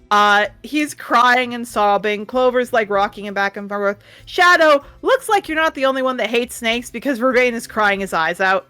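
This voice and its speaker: A woman narrating a tabletop game as game master, animated and often laughing. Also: fairly high pitch, clean tone. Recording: faint background music.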